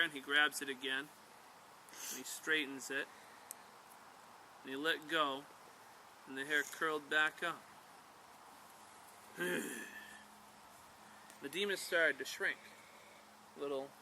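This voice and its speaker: Bright-voiced man telling a campfire tale. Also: fairly high pitch, slight background noise. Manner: animated storyteller, draws lessons from tales. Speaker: bushcraft instructor. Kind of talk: storytelling to a camp group. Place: outdoors at a woodland skills camp.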